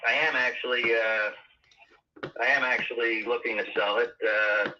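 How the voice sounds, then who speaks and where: A man selling his house on a phone call, hesitant and full of ums, clearing his throat. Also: mid-range voice, steady tone, unhurried, sharp tone. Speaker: home seller on a phone call.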